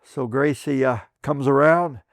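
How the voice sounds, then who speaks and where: This older man, a veteran from southern Indiana, speaks at a measured pace with fairly even intonation as he reminisces in an oral history interview. He drifts and restarts, chuckling along the way, and pitches his voice higher to quote others. The sound is clean studio audio with no room sound.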